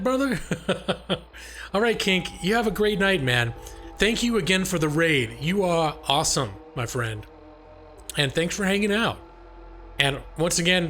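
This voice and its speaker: Joking middle-aged male streamer, slightly high voice. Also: fairly bright tone. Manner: joking, laughs often, talks to chat. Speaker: live-stream gaming host. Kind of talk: casual live-stream chat.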